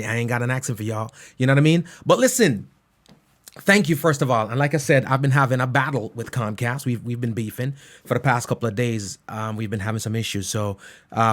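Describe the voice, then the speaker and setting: A man hosting an online music show, chatting casually and keeps asking "you know what I mean". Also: medium pitch. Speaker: online radio show host. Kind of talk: casual chat.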